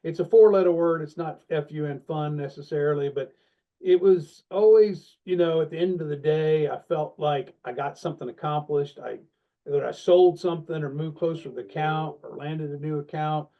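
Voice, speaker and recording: A middle-aged man tells animated, self-deprecating stories in a relaxed podcast interview. His voice sits a little high for a man. The recording is dull and lo-fi, with the top end rolled off. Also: moderate pace. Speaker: guest, longtime sales leader. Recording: dull, lo-fi sound.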